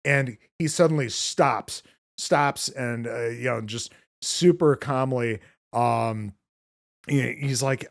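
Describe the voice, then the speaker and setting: A man's voice: mid-range voice, slow pace, gravelly. A man hosting a podcast, recapping a film in casual chat, rambling with many filler words and free swearing. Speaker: podcast host.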